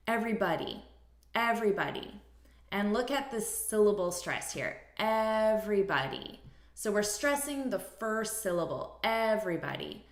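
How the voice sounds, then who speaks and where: A woman with an American accent teaching an English lesson, speaking clearly and repeating phrases for learners. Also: mid-range voice. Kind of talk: language lesson. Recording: echoey room.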